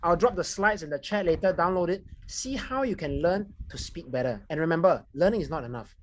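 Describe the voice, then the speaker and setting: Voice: mid-range voice, lively intonation, brisk. Singaporean accent, instructive speech evaluator, video call, faint background noise. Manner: instructive, corrects grammar and pronunciation. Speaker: language evaluator.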